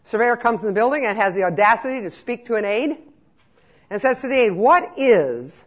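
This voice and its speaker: A trainer giving a lively, joking talk to care-home staff, acting out scenes as they speak. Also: medium pitch, fast.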